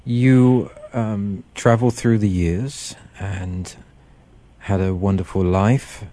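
Low mellow guy interviewing a guest, calm and polite. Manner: measured, polite questioning. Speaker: host.

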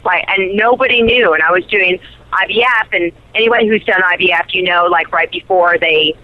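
A woman's voice: lowish voice, normal speed. A woman, an actress guest, telling a personal story in a chatty, giggly way with lots of fillers, heard over a phone line. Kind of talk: casual chat.

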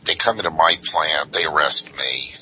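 Older man, low and bright, highly animated guest telling war stories. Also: normal speed, slight background noise, low-quality recording. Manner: animated, full of "you know" asides. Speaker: guest, former undercover investigator. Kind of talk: anecdotal storytelling in an interview.

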